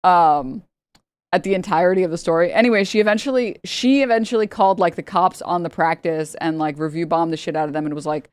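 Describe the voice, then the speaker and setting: A young adult woman streamer tells a long, casual story, rambling, laughing often and acting out the people she quotes. Her voice is lowish, clean and quick, with no echo.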